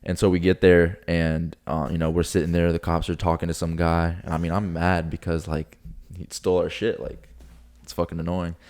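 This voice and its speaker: A young man, a podcast co-host, telling a story in casual chat, animated and swearing, acting out quotes. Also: sits low, moderate pace, few pauses. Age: young adult.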